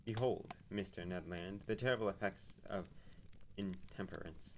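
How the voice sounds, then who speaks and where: Polite, formal young manservant read by a man, low voice, storybook. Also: moderate pace, vocal fry, slight background noise. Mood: deferential. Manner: deferential, formal.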